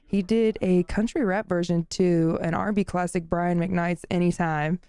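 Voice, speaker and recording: A woman's voice: on the low side, fairly even intonation, normal speed, mellow, clear, resonant tone, no echo. A woman co-hosting a podcast in casual chat, bubbly and gushing, laughing often. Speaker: podcast co-host.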